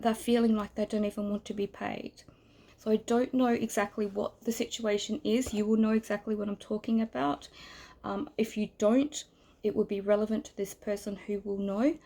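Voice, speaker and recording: Woman doing a tarot reading, flat steady voice, kinda husky-gravelly, soft and earnest w little whispers. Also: mid-range voice, poor audio. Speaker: tarot reader. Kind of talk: intimate tarot reading to the viewer. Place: indoors near a road.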